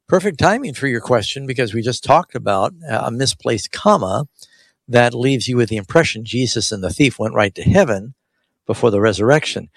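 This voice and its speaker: A man's voice: mid-range voice, gravelly, no echo. A man who is a pastor hosting a live Bible call-in radio show, explaining scripture and reading verses aloud with emphasis.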